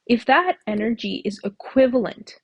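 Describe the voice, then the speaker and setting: A woman's voice: fairly high pitch, animated, normal speed, husky, muffled recording. A woman tutor explaining a topic step by step, asking herself questions as she works through a diagram. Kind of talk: whiteboard lecture.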